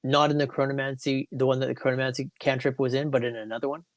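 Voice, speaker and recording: A man's voice: medium pitch, level tone, fast talker, no echo. A man playing in a tabletop game, asking careful clarifying questions in casual chat. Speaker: player.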